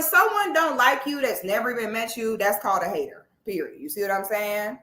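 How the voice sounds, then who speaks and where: A woman vlogger tells a story in a loud, animated, swearing and laughing way. Her voice is high, bright and lively. It rings in an echoey room. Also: brisk. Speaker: vlogger host. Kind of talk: casual reaction commentary.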